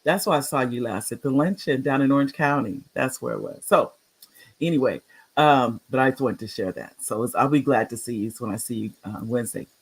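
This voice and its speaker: A man in his sixties, a retired teacher, hosting a livestreamed talk show in a chatty, rambling way, greeting viewers by name with excited upswings. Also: mid-range voice, a little fast, breathy edge.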